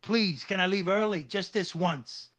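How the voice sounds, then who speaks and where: A man's voice: high-pitched, unhurried, a bit bright. A man voicing a tired male office worker who pleads earnestly with his boss while holding his temper. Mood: pleading.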